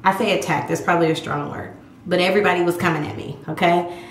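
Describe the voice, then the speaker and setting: A woman's voice: fairly low pitch, steady tone, fast talker. Candid woman vlogger, echoey room. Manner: candid, emphatic, acts out quoted voices. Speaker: vlog host. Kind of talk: personal storytelling to camera. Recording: echoey room with clear background noise.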